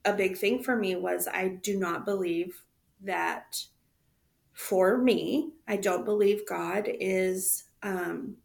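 A woman's voice: mid-range voice, steady tone, takes it slowly, vocal fry. A woman co-hosting a podcast in casual chat, thinking aloud and searching for her words. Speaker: podcast co-host.

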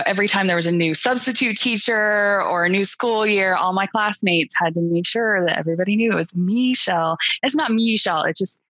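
A woman with a slightly low but bright, forward voice, heard close and dry. She explains things in a friendly, chatty way as a podcast guest. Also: no room sound. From rural farm town. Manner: friendly, explanatory, laughs easily. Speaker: podcast guest, chatbot specialist. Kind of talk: casual interview chat.

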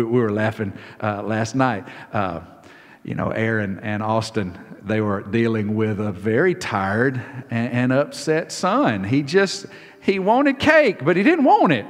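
A man preaching a sermon as pastor, swinging from hushed, quiet lines to loud, high, impassioned ones. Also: long reverb tail.

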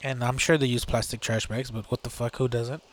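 A man's voice: medium pitch, level tone, brisk. A man hosting his own show, ranting casually and profanely with sarcasm, fillers and bursts of laughter. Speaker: podcast host. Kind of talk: casual solo rant.

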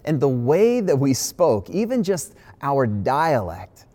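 A man from the American Midwest preaches in a relaxed, conversational way, leaning hard on key phrases. He keeps circling back with quick asides as he teaches from scripture. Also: medium pitch. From Midwestern United States. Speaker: pastor. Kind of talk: sermon.

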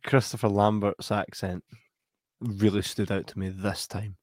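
A Scottish man co-hosting a podcast, chatting about a film in a relaxed way and laughing a lot. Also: on the low side, a little slow, no echo, studio quality. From Scotland. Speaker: podcast co-host. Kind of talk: casual film chat.

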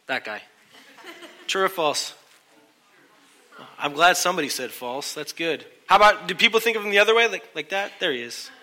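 A man preaching a sermon in a lively, joking way, often asking his listeners questions. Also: high voice, normal speed, long pauses. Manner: animated, joking, asks the crowd questions. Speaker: pastor.

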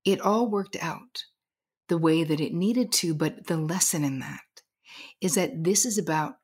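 A woman's voice: on the low side, measured pace, a little mellow, breathy edge. A middle-aged woman, a guest coach, telling a personal story in an earnest, emphatic way. She sometimes drops to a whisper to stress a point.

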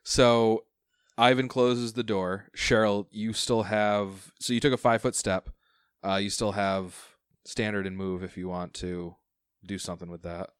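A man's voice: fairly low pitch, little pitch movement, measured pace, smooth, no echo, studio quality. A man narrating and refereeing a tabletop role-playing game as game master, in a loose, chuckling way. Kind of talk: running a tabletop game over chat.

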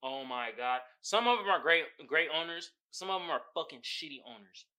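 A man hosting his own podcast, talking casually and profanely, often breaking into loud laughing outbursts. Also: on the high side, lively intonation, moderate pace, clear, resonant tone. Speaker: podcast host. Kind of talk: casual solo podcast talk.

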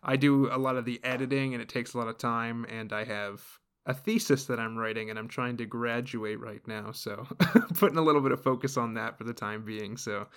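A man's voice: medium pitch, steady tone, fairly quick, hardly any pauses, a bit bright, smooth. A young man co-hosting a casual podcast, laid-back, laughing often and trailing off mid-thought. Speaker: podcast co-host. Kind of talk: casual chat.

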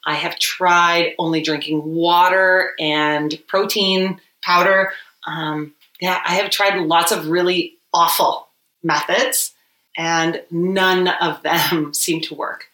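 A woman's voice: fairly low pitch, fairly even intonation, takes it slowly, sharp tone. A woman, a podcast guest openly and reflectively telling her own story with many "like" fillers. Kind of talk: candid personal storytelling. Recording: roomy echo.

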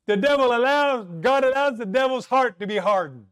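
A man preaching a sermon, slow and emphatic, asking rhetorical questions and leaning on dramatic pauses. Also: very high voice, a bit bright, clear, resonant tone.

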